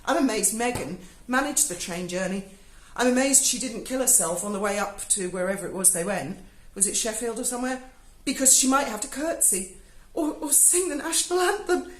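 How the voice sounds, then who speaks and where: A woman's voice: a little high, fairly quick, reverberant, rough recording. A British woman, giving a sarcastic, sweary video review monologue. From Britain. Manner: sarcastic, swears freely, mocking asides. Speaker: YouTuber. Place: home in Spain.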